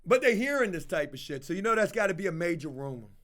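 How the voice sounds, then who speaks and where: A man's voice: high-pitched, sing-song, fast, a bit bright. A man streaming casual commentary, reading chat aloud, rambling and swearing freely. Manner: rambling, swears a lot, slips into put-on voices.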